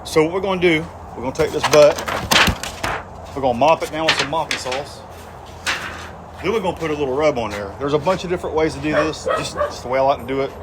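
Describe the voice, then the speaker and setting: A man's voice: fairly high pitch, fast, heavy background noise. A man, hosting a casual barbecue cooking video in a folksy, joking way outdoors. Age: 50s. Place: outdoors at a grill.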